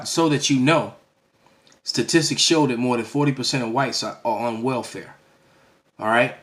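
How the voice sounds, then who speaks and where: A man with a medium-pitched, slightly bright voice lectures emphatically in a preaching style as a religious teacher. He often pauses to ask "all right?" and keeps restarting and stammering mid-phrase.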